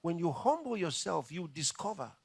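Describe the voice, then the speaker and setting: A male pastor preaching a sermon with animated, dramatic storytelling. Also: on the high side, moderate pace, husky, no room sound.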